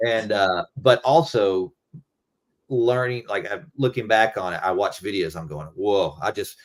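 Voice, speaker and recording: Man with a low voice, middle-aged, rambling, swears a lot, interview guest. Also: measured pace. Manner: loose, rambling, swears freely. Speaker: guest musician. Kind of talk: casual interview chat.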